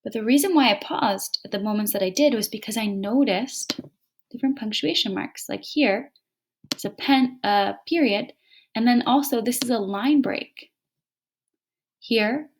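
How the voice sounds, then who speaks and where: A woman guiding a class through a short poem, reading it aloud and slowing down to point out each pause. She talks clearly and patiently into a computer microphone during an online lesson. Her pitch sits in an ordinary middle range. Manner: clear, patient teacher pacing. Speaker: teacher. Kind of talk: fluency lesson read-aloud. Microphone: computer mic, online class.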